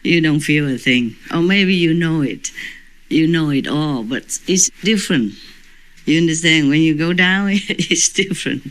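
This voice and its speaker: A woman's voice: low voice, measured pace, rough recording. A woman spiritual teacher talking informally to her disciples, chatty and often breaking into laughter.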